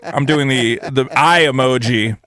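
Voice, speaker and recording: A man's voice: medium pitch, unhurried. A man co-hosting a podcast in casual comedic chat, reading out messages and mocking them in silly put-on voices. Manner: animated, mocking voices when quoting texts. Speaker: podcast co-host.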